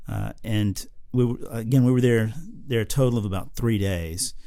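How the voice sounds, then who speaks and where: A man's voice: lowish voice, moderate pace, mellow, no echo, clean studio sound. An American man co-hosting a podcast, telling a travel story in casual chat, rambling with lots of fillers and restarts. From United States. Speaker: podcast co-host.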